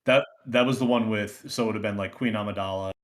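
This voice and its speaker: A man hosting a podcast, explaining in halting speech with many repeated words and restarts. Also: lowish voice, steady tone. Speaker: podcast host. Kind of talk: casual chat.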